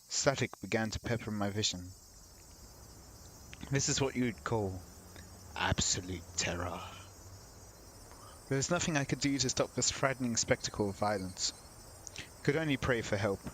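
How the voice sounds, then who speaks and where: A man's voice: medium pitch, fairly bright tone, low-quality recording. Male let's-play host reading story text aloud, casual wry asides, faint background hiss. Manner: reads narration, breaks off into wry comments.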